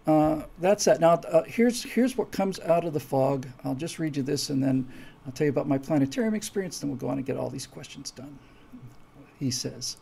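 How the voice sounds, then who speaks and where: A man talks casually and with enthusiasm to his viewers, rambling and restarting his sentences. His voice is gravelly and sits a little high for a man. He sounds like a creator sharing his own project. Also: lively intonation, brisk, dark tone.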